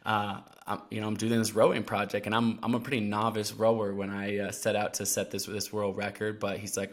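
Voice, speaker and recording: A man as a podcast guest, telling a story in casual talk, animated and full of "like" fillers. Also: lowish voice, a little fast, few pauses. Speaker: podcast guest, endurance athlete.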